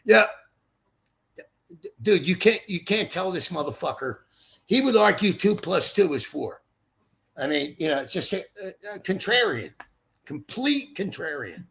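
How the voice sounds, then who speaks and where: On his livestream, the older man from Philadelphia talks in a rambling, profane, blunt manner over a streaming setup mic. His high-pitched voice is sing-song and gravelly with a fairly bright tone, a little slow, and broken by long pauses.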